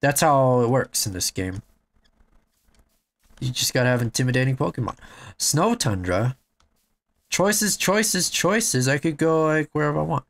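A young man commentating his game, excitable and swearing, shouting at what happens on screen. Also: mid-range voice, unhurried, long pauses. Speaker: gamer. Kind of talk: let's play commentary.

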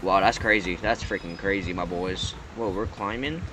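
A man's voice: sits low, fairly even intonation, normal speed, over music. A man giving live gameplay commentary, exclaiming and pleading at other players. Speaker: gaming YouTuber.

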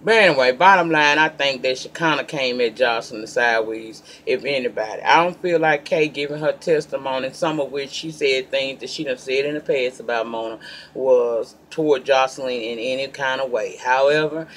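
A man hosting a celebrity gossip vlog in a sassy, emphatic way, talking straight to his viewers and breaking into loud, pointed bursts between calmer asides. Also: medium pitch, moderate pace, a little hiss or hum. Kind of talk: casual gossip commentary.

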